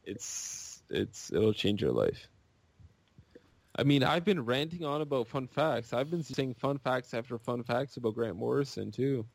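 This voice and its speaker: A man on a podcast, rambling and gushing in an excitable casual rant. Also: medium pitch, unhurried, vocal fry, no room sound.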